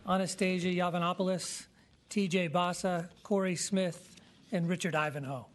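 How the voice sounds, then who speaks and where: A man chairing a city commission meeting, calling speakers and keeping time in a brisk, procedural way. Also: high voice, steady tone. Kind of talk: presiding over a public meeting. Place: city hearing room.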